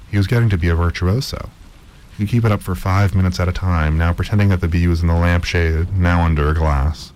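Male story narrator, very low and mellow, steady read-aloud delivery. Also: slight background noise, rough recording. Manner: measured, with occasional stumbles and repeats.

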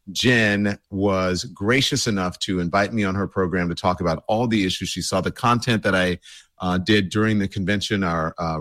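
Man, low voice, scratchy throat, rambling casual host talk, dry close sound. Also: a bit bright, dry recording. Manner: loose and rambling, many fillers. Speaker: show host. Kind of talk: casual address to a livestream audience.

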